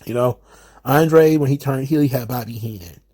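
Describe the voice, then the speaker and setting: A man hosting a casual solo wrestling commentary, talking in an animated way and mocking wrestlers with quick impressions. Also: medium pitch, slightly rough.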